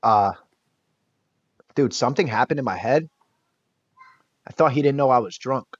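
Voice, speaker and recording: Man, podcast guest, lively storyteller, dull lo-fi recording, dry sound. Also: medium pitch, normal speed, no echo. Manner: lively storyteller acting out what others said. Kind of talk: casual storytelling in an interview.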